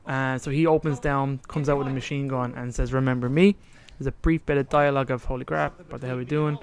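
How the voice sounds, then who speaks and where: A podcast co-host with a mid-range, flat-sounding voice talks fast as he casually recaps a story. Along the way he acts out the quoted lines.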